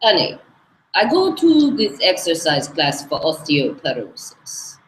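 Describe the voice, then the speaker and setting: A woman imitating her elderly mother-in-law from Hungary, with a Hungarian accent, speaking slowly and loudly. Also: low voice, huge pitch swings, reverberant, slight background noise, full character voice, poor audio. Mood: indignant. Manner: slow, loud, drawn-out.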